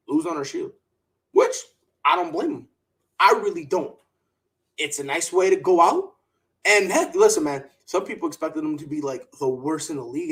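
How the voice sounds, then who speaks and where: Sports talk podcast host, emphatic and restless, pitch swinging all over as they argue their takes. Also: low-quality recording. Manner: animated and emphatic, repeats words, mocks others in quoted voices.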